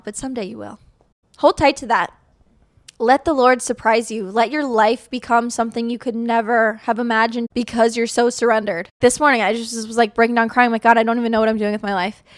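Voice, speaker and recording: A woman's voice: fairly high pitch, steady tone, a little fast, no echo, clean studio sound. A young woman hosting a podcast, talking earnestly and casually about faith, with lots of "like". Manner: earnest, conversational, heavy use of "like". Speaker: podcast host.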